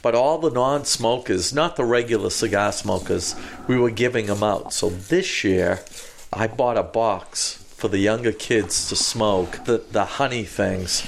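A man co-hosting a laid-back podcast with a gravelly edge to his voice. He jokes and tells animated stories among friends. Faint noise sits behind him. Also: fairly low pitch, a little slow. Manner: joking, animated anecdotes. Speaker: podcast co-host. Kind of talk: casual chat among friends.

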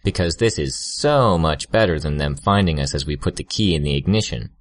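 A man's voice: extremely low pitch, lively intonation, fairly quick, no room sound. Regent, a man doing a sarcastic young villain. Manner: drawling sarcasm.

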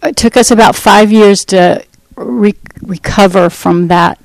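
Woman, middle-aged, personal testimony, earnest storytelling, halting restarts, dry sound. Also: mid-range voice, no room sound, poor audio. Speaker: speaker giving a testimony.

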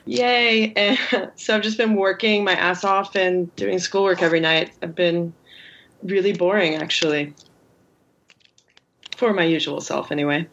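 A woman's voice: on the low side, steady tone, unhurried, fairly bright tone, a little hiss or hum. Woman on a dull lo-fi video call. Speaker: podcast guest, student. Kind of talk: casual chat.

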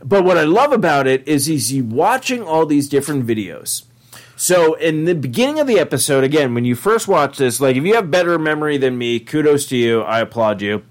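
Excitable man gushing with lots of "like". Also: fairly high pitch, fairly quick. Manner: excitable, acts out character lines in bursts; heavy filler "like", swears freely. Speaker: podcast co-host. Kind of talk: casual chat recapping a cartoon episode.

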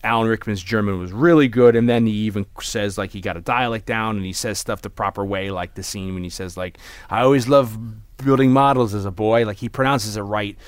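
A man's voice: on the low side, brisk, few pauses, clean tone, dry recording. A man co-hosting a casual movie podcast, rambling with frequent restarts and asides. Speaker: podcast co-host.

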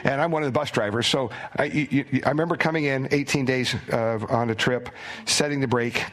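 A middle-aged man, a pastor, preaching a sermon in an animated storytelling way and acting out little voices now and then. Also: medium pitch, fairly quick.

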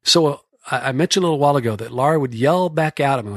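A man's voice: mid-range voice, animated, rapid-fire, fairly bright tone, no room sound, clean studio sound. Folksy Texan man telling stories. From Texas. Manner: folksy, rambling storyteller. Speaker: horse trainer. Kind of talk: casual podcast storytelling.

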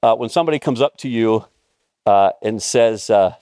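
A man in his fifties preaching a conversational, storytelling sermon with bursts of excitement. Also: fairly low pitch, normal speed, clear, resonant tone, no echo, clean studio sound. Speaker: pastor.

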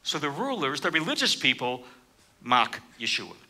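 A man preaching a sermon, reading scripture and explaining it, lifting his voice sharply for quoted lines. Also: normal speed. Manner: animated, raises pitch for quoted speakers.

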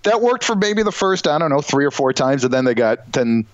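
A man's voice: a little high, sing-song, brisk, no echo, muffled recording. A middle-aged man co-hosting a podcast, chatting casually in a rambling, self-mocking way. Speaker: podcast co-host. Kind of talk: casual chat.

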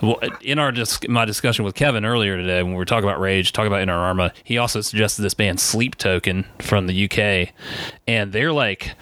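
A man's voice: lowish voice, brisk, bright, forceful tone, no echo. A man co-hosting a podcast, talking casually about music in a rambling, laid-back way with many fillers. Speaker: podcast co-host. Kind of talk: casual chat.

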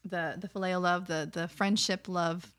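A woman's voice: lowish voice, steady tone, unhurried, fairly bright tone. A young woman co-hosting a podcast, explaining things in a rambling, casual way full of restarts. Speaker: podcast co-host. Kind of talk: casual chat.

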